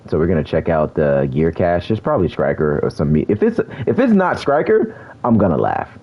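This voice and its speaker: A man's voice: sits low, wildly swooping pitch, fairly quick, muffled recording. A man giving laid-back, chatty commentary on a video game, laughing often and using slang. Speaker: gaming streamer. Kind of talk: casual gameplay commentary.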